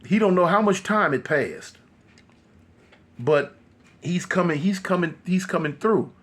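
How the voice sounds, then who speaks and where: A man telling a horror story casually, animated and loose with many fillers. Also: sits high, a little slow.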